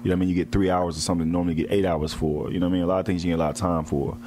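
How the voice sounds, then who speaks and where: A male comedian chatting casually in an interview, telling animated stories and acting out other people's voices. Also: low-pitched, very fast, slight background noise. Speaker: comedian guest.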